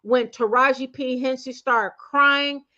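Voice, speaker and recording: This high-voiced woman, hosting a channel, rants casually in slang, slowly and in a steady tone. She drifts along with filler words and restarts, alternating loud eruptions with low, muttered remarks. Her recording has a slightly muffled, lo-fi quality.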